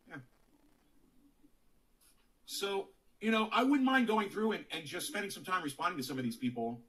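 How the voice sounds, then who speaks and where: A man's voice: a little high, big pitch swings, brisk, long pauses, fairly bright tone. A man streaming, delivering a profane, preachy rant to his viewers, repeating himself and swearing a lot. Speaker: streamer in an earlier clip. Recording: voice distant from the mic.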